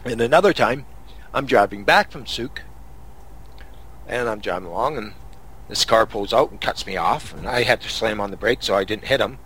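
A man's voice: lowish voice, expressive, moderate pace, bright, forceful tone, a little hiss or hum. A man from Canada hosting a podcast, telling angry road-rage stories in a profane, casual rant. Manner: angry, swearing storyteller. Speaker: podcast host.

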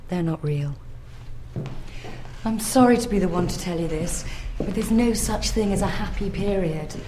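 A woman delivering a scripted, deadpan apology as a company executive in a video ad. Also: fairly low pitch, moderate pace, background noise, natural voice. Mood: mock-solemn.

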